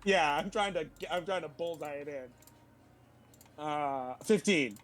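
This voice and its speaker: A man's voice: on the high side, takes it slowly, slight background noise. A man playing a tabletop game, describing his actions in a playful, rambling way. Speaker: player. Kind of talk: casual tabletop game play.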